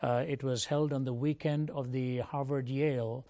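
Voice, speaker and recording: A man's voice: mid-range voice, steady tone, moderate pace, warm tone. An older man from India, a Christian apologist, telling his life story as an interview guest in an earnest, reflective way.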